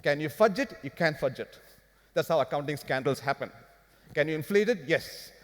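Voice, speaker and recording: Man, business speaker, animated, rhetorical questions, fairly high voice, long hall reverb. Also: normal speed. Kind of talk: live finance talk to an audience.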